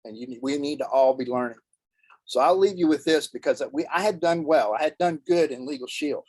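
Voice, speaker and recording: A man's voice: a little high, a little fast, a little mellow, no echo, poor audio. A man on a video call, telling a personal story in an earnest, folksy way as a guest speaker.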